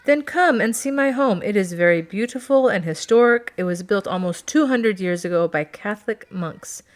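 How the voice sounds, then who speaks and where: A woman reading aloud, voicing a charming, amused male duke with a smooth, teasing manner. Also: mid-range voice, moderate pace, lightly acted. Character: charming sly male duke, French-tinged.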